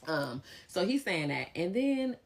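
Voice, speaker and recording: A young woman with a low, deep voice recounting a story in a casual storytime style. Her delivery is animated and emphatic, and she leaps much higher in pitch whenever she slips into quoting someone. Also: unhurried. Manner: animated, emphatic retelling with sharp pitch jumps for quoted lines.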